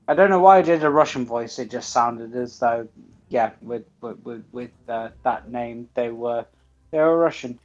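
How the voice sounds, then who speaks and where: A man's voice: mid-range voice, normal speed, highs cut off, soft background music. A man giving casual commentary on a game stream, chatty and laughing at himself while reading game text aloud. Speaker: gaming streamer.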